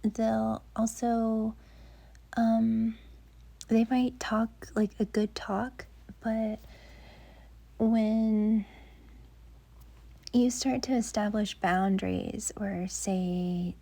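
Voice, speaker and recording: Slow whispering woman with gravelly breath. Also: fairly high pitch, level tone. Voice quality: soft whisper. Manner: gentle, rambling, frequent "like" fillers. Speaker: dating advice vlogger. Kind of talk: whispered advice monologue.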